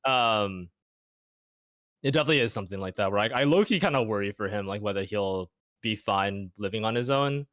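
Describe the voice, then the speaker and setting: Reflective young man with a lowish voice. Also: animated, fairly bright tone, no room sound, clean studio sound. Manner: reflective, halting, heavy use of "like". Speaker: interview guest. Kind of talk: casual chat.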